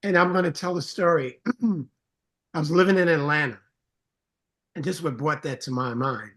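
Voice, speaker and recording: A man with a somewhat high voice speaks as a songwriter guest in a relaxed interview. He tells stories earnestly and turns lively when mimicking the greetings he gives strangers. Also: moderate pace. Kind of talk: casual interview chat.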